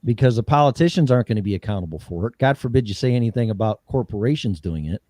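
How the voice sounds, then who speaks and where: A man's voice: fairly low pitch, animated, quick pace, warm tone, no room sound, studio quality. A man hosting a political talk show, ranting heatedly with profanity and mocking impressions. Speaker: show host.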